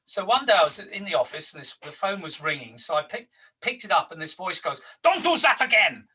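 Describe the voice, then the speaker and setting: A man's voice: fairly high pitch, lively intonation, a little fast, pushed and bright, slightly rough, far from the mic, rough recording. A man in his sixties coaching an HR group, making his points through anecdotes and stressing them by repeating his words. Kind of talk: workshop facilitation with anecdotes.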